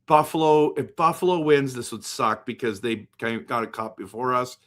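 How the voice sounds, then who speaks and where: A man's voice: mid-range voice, steady tone, moderate pace, fairly bright tone. A man from western Canada hosting a casual hockey live stream, thinking aloud as he picks and answers viewer comments. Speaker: hockey livestream host.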